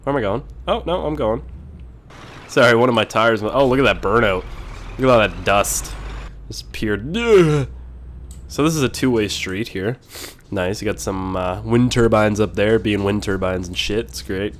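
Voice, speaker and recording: A man hosting a casual let's-play video while sick, clearing his throat often, excitable and quick to yell and swear when things go wrong. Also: on the low side, slight background noise. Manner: excitable, swears and yells at mishaps. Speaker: gaming video host.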